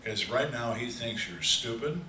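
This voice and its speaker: A man's voice: medium pitch, lively intonation, a little slow, sharp tone, slight background noise. An older man, a retired detective, speaking plainly to an audience at a question-and-answer session. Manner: dry, plainspoken storyteller acting out quoted voices. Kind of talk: storytelling Q&A talk. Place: large hall on a cruise ship. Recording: echoey hall from far off.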